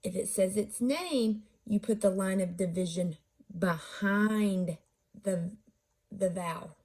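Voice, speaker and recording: In a patient phonics lesson delivered without hurry, a woman reading teacher asks questions and answers them herself. Her mid-range voice is mellow and slightly husky, and she sounds out syllables slowly.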